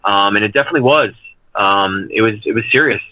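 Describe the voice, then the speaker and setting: A man's voice: lowish voice, fast, bright, forceful tone, lo-fi sound. A man being interviewed as a paranormal investigator, talking earnestly in long rambling runs full of fillers and restarts. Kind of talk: casual interview talk.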